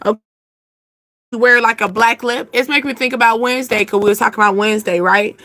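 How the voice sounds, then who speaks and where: A woman's voice: a little high, steady tone, fast, a bit bright, no room sound. A woman hosting a casual live reading, rambling chattily and answering comments from her chat. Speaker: channel host giving intuitive readings.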